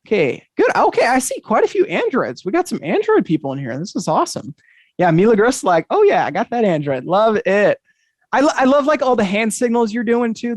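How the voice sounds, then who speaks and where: A man's voice: high voice, no echo, clean studio sound. A man hosting an interactive magic show over a video call, talking to the audience with upbeat, enthusiastic patter. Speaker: magician and host.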